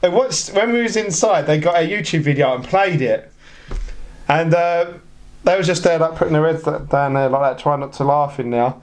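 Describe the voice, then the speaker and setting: A man's voice: fairly high pitch, a little fast. A man hosting a podcast, telling stories in a casual chat, often laughing, with lots of fillers. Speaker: podcast host.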